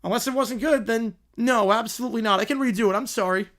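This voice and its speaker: A man's voice: very high-pitched, fast talker, fairly bright tone. Lyle Hutsberg, a man playing a nervous, sorry lawyer. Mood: flustered. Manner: nervous, stammering, apologizes constantly. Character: bumbling, endlessly apologetic male defense lawyer. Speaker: defense lawyer in a comedy courtroom sketch. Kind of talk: comedy sketch acting.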